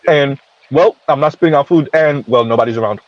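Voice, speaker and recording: A man's voice: mid-range voice, a little fast, dry recording, muffled recording. A man in a casual group call, giving laid-back, wry commentary. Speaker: panelist.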